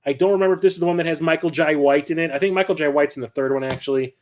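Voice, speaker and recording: A middle-aged man chatting casually at home, rambling excitably and swearing now and then. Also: a little high, very fast, a little hiss or hum. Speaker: collector vlogger. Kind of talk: casual unscripted chat.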